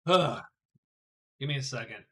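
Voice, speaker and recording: Bright-voiced man thinking aloud. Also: mid-range voice, expressive, a little slow. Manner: thinks aloud, stammers and repeats words. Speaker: board game streamer. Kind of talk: casual live-stream chat while playing a board game.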